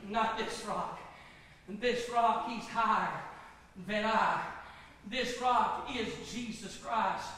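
A man preaching a sermon in a church, building to shouted fervor and calling to the congregation. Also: high-pitched, takes it slowly. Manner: rising into shouted fervor, call-and-response. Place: church sanctuary. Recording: echoey hall, distant mic.

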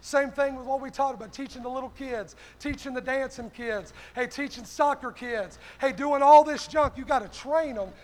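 A man's voice: extremely high pitch, normal speed, hardly any pauses. A male pastor preaching a sermon, punching his lines with a repeated "hey".

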